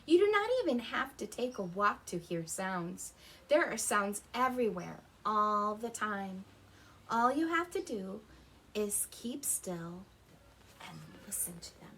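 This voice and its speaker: A woman's voice: mid-range voice, very animated, measured pace, a bit bright. A woman reading a picture book aloud to young children at home, stopping to ask them questions and imitate animal sounds. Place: her home.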